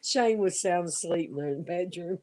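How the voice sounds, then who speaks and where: A woman's voice: fairly low pitch, normal speed, warm tone, rough recording. A middle-aged woman chatting casually from home while crafting, easygoing and laughing as she talks. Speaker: live stream guest.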